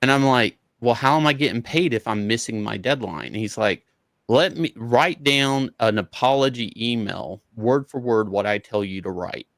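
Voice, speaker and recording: A man's voice: mid-range voice, moderate pace, fairly bright tone, no echo. A man, a comic book artist, telling a story in an interview in a casual, profane way, acting out both sides of each conversation.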